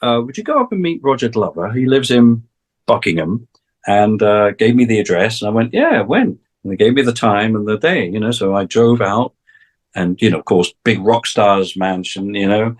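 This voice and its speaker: A man's voice: fairly low pitch, moderate pace. A man in his sixties with an English accent, a guest on a talk show, telling long stories about his career and restarting his sentences often. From England. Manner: rambling, many restarts, acts out quoted voices. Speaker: guest, session drummer. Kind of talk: casual storytelling interview.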